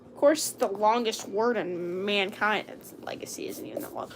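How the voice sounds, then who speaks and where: A young woman livestreaming from home at night, casually chatting to viewers as she draws lettering and talking herself through each step, sometimes in a hushed whisper. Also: mid-range voice, normal speed, slight background noise. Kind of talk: casual livestream chat while drawing.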